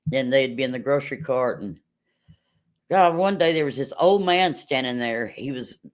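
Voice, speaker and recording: A woman's voice: a bass voice, expressive, moderate pace. A middle-aged woman chatting casually with viewers on a livestream, telling stories and laughing often.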